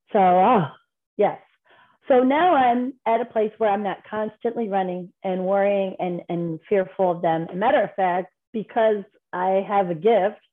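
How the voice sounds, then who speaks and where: A woman guest on a podcast, telling personal stories in a candid, rambling way with quick restarts. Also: mid-range voice. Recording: tinny phone-like line.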